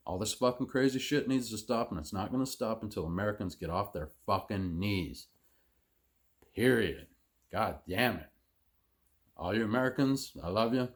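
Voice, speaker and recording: A man's voice: lowish voice, lively intonation, normal speed. A man delivering an angry, sarcastic, profanity-heavy rant as a vlogger. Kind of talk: profane political rant to camera.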